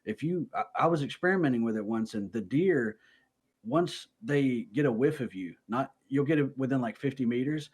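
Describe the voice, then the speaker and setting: A man in a relaxed gaming podcast chat, his voice sitting at an ordinary middle pitch. He rambles loosely and throws in jokes and asides as he talks into a home microphone. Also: husky. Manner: joking, rambling, quick asides. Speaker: podcast co-host. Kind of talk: casual chat.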